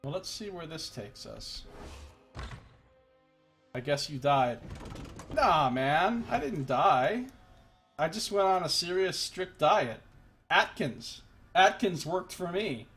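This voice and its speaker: A man's voice: on the high side, lively intonation, slow, pauses often, fairly bright tone, soft background music. A man giving rambling, joking commentary as he plays a game on stream, ranting now and then, at a desk microphone. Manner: rambling, joking, exasperated rants. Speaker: let's play streamer. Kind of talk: gameplay commentary.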